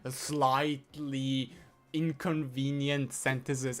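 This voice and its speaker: A man's voice: fairly high pitch, normal speed, a bit bright. Teasing, exasperated male game streamer. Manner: teasing, exasperated, swearing, laughing at the AI. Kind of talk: live-stream gaming chat.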